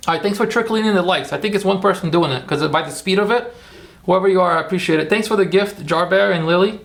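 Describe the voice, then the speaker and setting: A man's voice: high-pitched, quick pace, creaky, fairly bright tone. A man hosting a casual livestream, chatty and rambling as he talks viewers through his steps and cheers them on. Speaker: livestream host.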